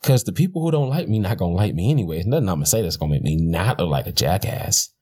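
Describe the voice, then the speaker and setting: A man's voice: sits low, animated, racing, warm tone, breathy edge. A man hosting a podcast, talking in a blunt, profane, rambling way with frequent restarts. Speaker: podcast host. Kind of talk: casual rambling commentary.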